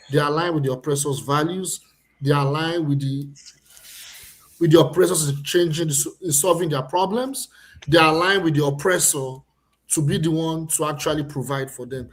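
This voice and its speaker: Male panelist, slightly high voice, lecturing with repeated phrases. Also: moderate pace. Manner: repetitive, preaching cadence. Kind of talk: opinionated monologue on a panel.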